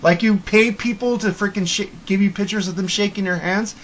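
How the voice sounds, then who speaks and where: A man's voice: high voice, steady tone, fairly quick, slight background noise. A man co-hosting a podcast in casual chat, blunt and frank, swearing casually as he gives advice. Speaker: podcast co-host.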